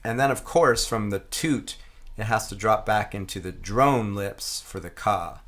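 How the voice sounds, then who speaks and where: Calm man teaching a rhythm. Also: on the low side, a little slow. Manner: relaxed, reflective, chanting rhythm syllables aloud. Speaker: didgeridoo teacher. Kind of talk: explaining a playing technique.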